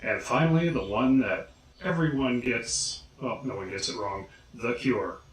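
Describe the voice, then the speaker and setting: A man hosting a casual video guide, slowly and deliberately enunciating each name. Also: medium pitch, expressive. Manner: slow, deliberate enunciation of names. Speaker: vlogger. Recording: echoey room.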